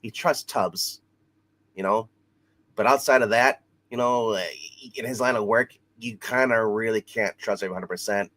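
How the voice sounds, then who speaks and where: A man's voice: on the low side, moderate pace, a bit bright. A man co-hosting a casual TV episode review, talking in a loose, rambling way with many fillers.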